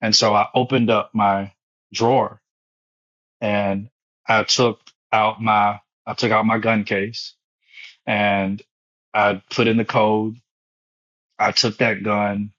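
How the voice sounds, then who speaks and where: A man's voice: on the low side, level tone, takes it slowly, pauses often, a bit bright, dull audio. A man in his thirties, a former pastor, telling his own story with emotion and repetition in an interview. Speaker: guest, foundation founder and former pastor.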